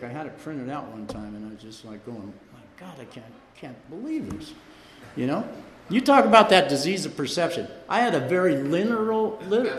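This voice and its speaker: At a recovery meeting, a man with a fairly high voice shares his personal story, rambling conversationally, saying "you know" a lot and laughing through his anecdotes. The meeting-room recording has an echoey hall sound, faint room ambience, and a little hiss or hum.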